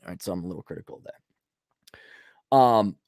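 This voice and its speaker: A man's voice: deep voice, normal speed, darkish tone, dry recording, studio quality. A man in his thirties hosting a podcast, rambling and sarcastic in casual livestream commentary. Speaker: podcast host.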